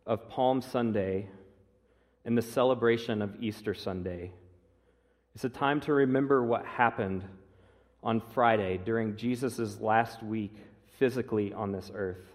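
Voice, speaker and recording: A man as pastor giving a Good Friday sermon, measured, slowing on key phrases, with some fillers. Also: medium pitch, long reverb tail. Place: church sanctuary.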